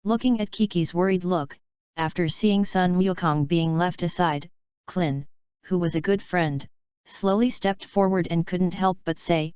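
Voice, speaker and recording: Smooth, clear woman narrator. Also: lowish voice, a little slow, a little mellow, no room sound, highs cut off. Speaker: audiobook narrator. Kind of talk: scripted narration.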